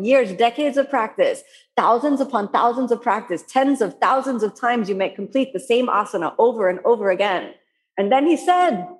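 A woman yoga teacher giving a spoken talk to her class, animated, repeating phrases for emphasis and acting out inner voices. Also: on the high side, a little fast, long reverb tail.

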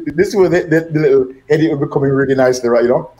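A man's voice: on the high side, very fast, warm tone, dull audio. Older British-accented man telling stories. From Jamaica. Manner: rambling, repeats words, acts out dialogue. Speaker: guest musician. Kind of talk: storytelling in a podcast interview.

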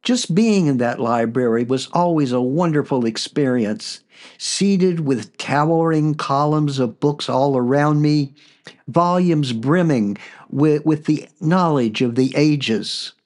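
A man hosting a podcast, narrating a personal story in a relaxed way with frequent fillers. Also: a little high, slow pace. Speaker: podcast host.

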